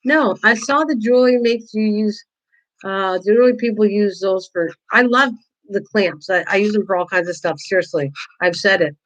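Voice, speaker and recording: A woman's voice: medium pitch, moderate pace, low-quality recording. An older woman hosting a casual live-stream craft tutorial, chatting with viewers, teasing them and laughing often.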